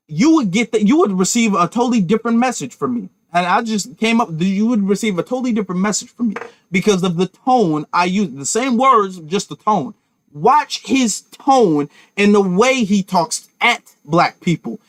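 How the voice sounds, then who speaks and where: A man's voice: high-pitched, animated, moderate pace, no room sound, clean studio sound. A man giving emphatic political commentary to his viewers, with lots of restarts. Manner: emphatic, talks to viewers directly, repeats and restarts. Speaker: commentary channel host.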